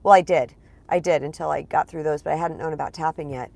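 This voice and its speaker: A woman with a lowish, gravelly voice talks straight to her viewers as a spiritual coach. Her delivery is loose and chatty, hammering points home by repeating words and calling the audience "you guys.". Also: quick pace, darkish tone. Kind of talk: casual vlog monologue.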